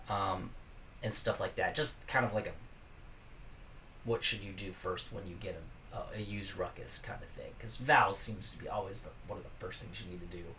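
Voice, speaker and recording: A man's voice: on the low side, a bit bright, recorded from a distance, slight background noise. A man casually hosting a live stream, rambling and chatting with viewers from his garage workshop.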